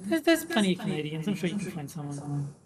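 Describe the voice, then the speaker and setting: A man's voice: on the high side, big pitch swings, fast. A man with a mild Australian accent, explaining things in a matter-of-fact way during casual chat. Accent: Western Australian. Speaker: streamer. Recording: crowd noise behind. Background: crowd chatter.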